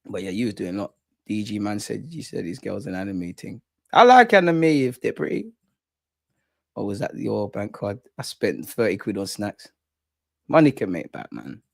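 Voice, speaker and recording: A man's voice: on the low side, lively intonation, normal speed, vocal fry, darkish tone, husky, dry recording, studio quality. Slangy young London man chatting. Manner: slangy, chatty, laughs a lot. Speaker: livestream host. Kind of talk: casual live chat reading viewer comments.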